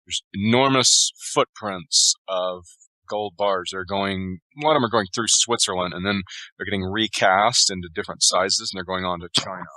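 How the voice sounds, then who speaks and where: A man with a low, forceful voice answers interview questions at length, laying out his views in steady, explanatory runs. The sound is close and dry, with no room around it. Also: moderate pace, no room sound, poor audio. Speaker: author guest. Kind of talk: conversational interview.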